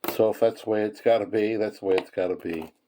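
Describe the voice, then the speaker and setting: With a lowish, dark voice, steady tone, and quick pace, a man hosts a coin-hunting video against slight background noise. Searching coin rolls and sorting pennies, he keeps up a casual, folksy chat, often chuckling and calling viewers folks.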